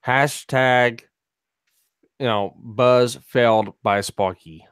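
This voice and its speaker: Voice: mid-range voice, slow, clean tone, dry recording, studio quality. A streamer chatting casually and playfully with a co-host over a video call. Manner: joking, playful. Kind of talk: casual chat. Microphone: computer mic on a video call.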